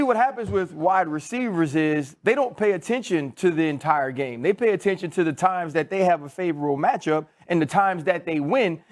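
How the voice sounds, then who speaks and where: A man giving a measured, explanatory football analysis on a sports debate show. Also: sits high.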